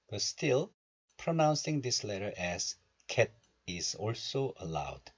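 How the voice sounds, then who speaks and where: A man teaching Korean pronunciation in a recorded lesson. He explains step by step and repeats syllables slowly for learners. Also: fairly low pitch, very animated, husky, lo-fi sound.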